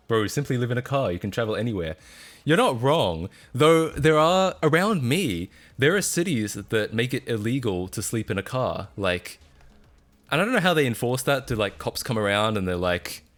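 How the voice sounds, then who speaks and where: Male streamer, lowish voice, loose chatty commentary full of laughs and disbelief; soft music underneath. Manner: chatty, laughs often, incredulous outbursts. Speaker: livestreamer. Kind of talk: casual livestream commentary.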